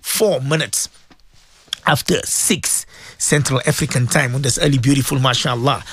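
A man's voice: mid-range voice, normal speed, a bit bright, slightly rough, no echo. A man presenting a morning religious radio talk, fervently pleading with listeners and repeating his points. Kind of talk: emotional Islamic radio talk.

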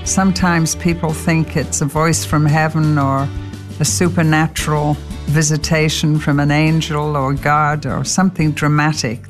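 Older lady preaching, lively storytelling, echoey hall, a bit of music under it. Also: sits low. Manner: animated storytelling with acted quotes. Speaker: Christian speaker. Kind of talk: sermon. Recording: long hall reverb with faint music.

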